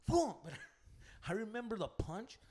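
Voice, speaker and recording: Man, high voice, swooping all over, profane casual storytelling, Spanish slang mixed in. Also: fairly quick. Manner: animated, profane, mixes Spanish slang, acts out voices loudly. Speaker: podcast co-host. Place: green room of a comedy club.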